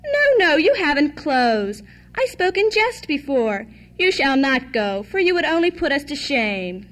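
A woman's voice: sits high, very animated, a little slow, a bit bright, full character voice. A woman voicing a scornful, harsh stepmother in a read-aloud fairy tale, speaking sharply and dismissively. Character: scornful harsh stepmother lady, middle-aged.

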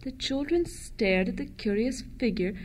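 A woman reading a storybook aloud to children in a gentle, expressive way. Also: fairly high pitch, unhurried, a little hiss or hum.

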